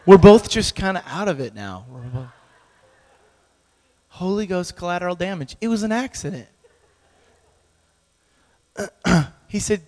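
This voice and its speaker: Animated man preaching in an echoey hall. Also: high-pitched, measured pace, pauses often. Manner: animated storyteller, acts out dialogue, laughs often. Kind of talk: sermon storytelling. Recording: echoey hall with long reverb.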